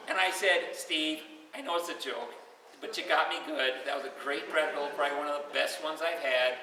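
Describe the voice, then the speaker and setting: An older man telling stories at his own retirement party, animated and acting out the voices of the people in them. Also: on the high side, brisk, a little hiss or hum. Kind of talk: storytelling to a crowd. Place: hall at a party, heard from afar. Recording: roomy hall, voice far from the mic.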